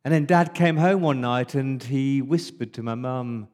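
A man preaching as an Israelite firstborn boy, telling the Passover night story in the first person, hushed in its dark moments. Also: mid-range voice, measured pace, lightly acted. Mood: wondering. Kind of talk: first-person dramatic monologue in a sermon.

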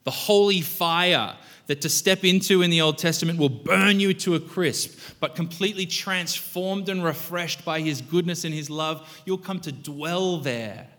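A man preaching a sermon as pastor, animated and swinging between loud emphatic bursts and quiet reflective stretches. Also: fairly high pitch, measured pace, hardly any pauses. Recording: long hall reverb.

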